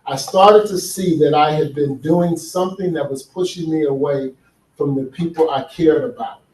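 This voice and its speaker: Speaking at a conference on men's healing, a man earnestly shares stories and poses questions to the audience filling a large hall. His somewhat high voice has a darkish tone and normal speed, picked up at a distance in an echoey space.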